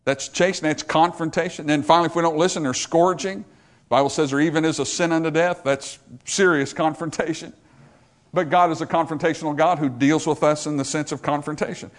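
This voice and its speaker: A man's voice: a little high, fairly even intonation, fairly quick. Emphatic preaching man. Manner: emphatic preaching, rising and dropping for effect. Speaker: pastor. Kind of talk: sermon.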